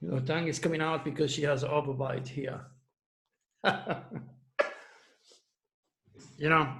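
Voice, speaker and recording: A man's voice: a little high, creaky, a little hiss or hum. A man from France, a middle-aged astrologer host, chatting casually to his viewers and telling a story, repeating his words as he goes. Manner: coos softly to his dog.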